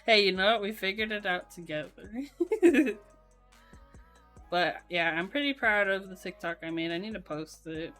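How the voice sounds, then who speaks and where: A young woman streaming, chatting casually while she builds a keyboard, in a voice she calls monotone and with frequent laughter. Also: medium pitch, moderate pace, soft background music. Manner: self-described monotone voice, laughs often.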